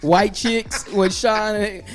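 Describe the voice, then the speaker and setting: A man's voice: steady tone, extremely slow, a loud crowd. A man hosting a podcast, chatting casually and playfully, laughing often. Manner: playful, laughs often, slips into squeaky high voices. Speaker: podcast host. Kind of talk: casual chat.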